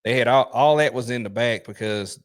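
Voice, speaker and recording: A man's voice: medium pitch, a little fast, smooth. A middle-aged man, chatting casually as a truck-driving podcast host, telling stories animatedly with restarts and laughs. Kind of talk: casual chat.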